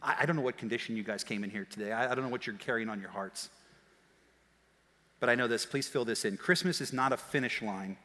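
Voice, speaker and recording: A man preaching a sermon as pastor, telling stories in a lively way that swings from quiet asides to shouts. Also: fairly low pitch. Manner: animated storytelling, shouting and quick laughs. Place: church auditorium. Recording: long hall reverb.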